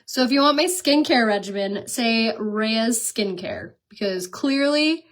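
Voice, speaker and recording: A woman's voice: fairly high pitch, unhurried. Chatty woman selling makeup on a live stream. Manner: chatty and animated, laughs often, says "like" a lot. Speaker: makeup seller and vlogger. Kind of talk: casual livestream chat while doing makeup.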